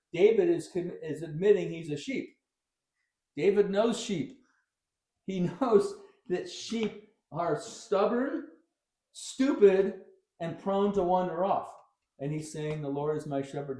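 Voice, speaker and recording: A man's voice: high-pitched, warm tone, echoey room, low-quality recording. A male pastor preaching a sermon in a conversational style, with wry asides and sudden bursts of emphasis.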